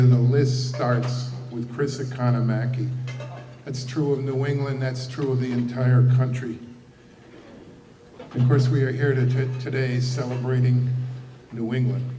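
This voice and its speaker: A man's voice: mid-range voice, mellow, a little hiss or hum. A man presenting an award at a banquet, speaking earnestly and with emphasis, with a few restarts. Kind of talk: formal ceremony speech. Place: banquet hall. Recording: echoey banquet hall from far off.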